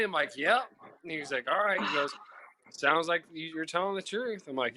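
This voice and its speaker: A man's voice: fairly high pitch, brisk, bright, forceful tone. A man, telling stories in casual chat, rambling and swearing freely. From USA. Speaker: guest.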